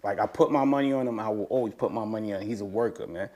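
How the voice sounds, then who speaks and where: Racing through his words, the American guest in this interview talks casually and animatedly, peppering his speech with slang. His voice spikes high as he gets worked up with excitement.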